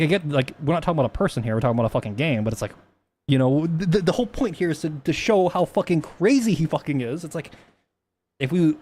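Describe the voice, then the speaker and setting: A man's voice: on the high side, darkish tone. A man talking casually on a stream, rambling with many restarts and plenty of swearing.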